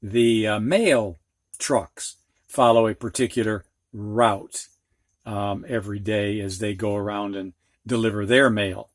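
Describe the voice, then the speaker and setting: A man's voice: lowish voice, fairly even intonation, unhurried, dry recording, clean studio sound. An older man teaching a reading lesson, patiently sounding out words and explaining them with everyday examples. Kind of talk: phonics lesson for students and teachers.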